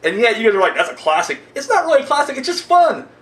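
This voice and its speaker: A man giving a casual, excitable horror movie review, swearing often and laughing as he talks. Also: extremely high pitch, racing, recorded from a distance. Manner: excitable, profane, laughs while talking. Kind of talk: casual rambling film review. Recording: roomy sound, away from the mic.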